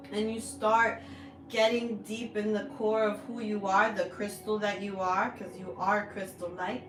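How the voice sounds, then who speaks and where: A woman hosting a spiritual tarot reading, speaking slowly and with open emotion. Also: a little high, echoey room, far from the mic, background noise. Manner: slow, heartfelt and emotional, with drawn-out words. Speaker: spiritual reader, channel host. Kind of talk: tarot energy reading, personal sharing.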